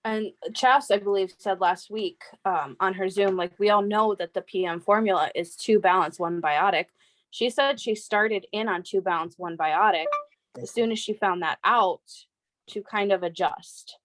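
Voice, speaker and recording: A woman's voice: mid-range voice, normal speed, dry recording, low-quality recording. A woman co-hosting a casual team chat, explaining things plainly with frequent "um" and "like". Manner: explanatory, uses fillers. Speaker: co-host.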